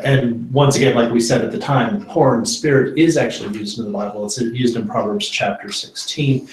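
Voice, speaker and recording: Male pastor, casual Bible-study teacher, chatty and halting, mid-pitched, roomy echo. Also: darkish tone. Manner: conversational, many fillers and restarts. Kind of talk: informal Bible teaching with discussion.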